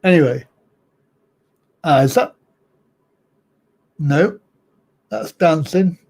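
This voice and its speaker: Slow, mellow-voiced man chatting. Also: fairly high pitch. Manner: rambling, chuckling, self-correcting, teasing viewers. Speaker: host of a live chat show. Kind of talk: casual live-stream chat reading viewer comments.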